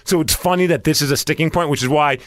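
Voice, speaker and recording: Animated higher-pitched male radio co-host. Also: no room sound. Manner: animated storyteller, quick jokey asides. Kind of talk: casual radio banter.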